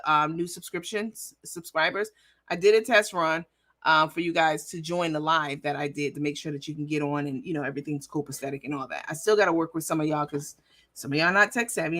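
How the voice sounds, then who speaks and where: A brash woman hosting a livestream, swearing freely and addressing her viewers directly. Her voice sounds bright and sharp-edged. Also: deep voice. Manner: brash and profane, talks straight to viewers. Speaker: livestream host. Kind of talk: casual livestream chat.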